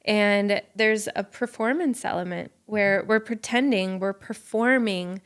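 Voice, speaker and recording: A woman's voice: mid-range voice, unhurried, smooth. A woman from Minnesota co-hosting a podcast, explaining her ideas in an earnest, thoughtful way. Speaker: podcast co-host. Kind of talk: casual podcast chat.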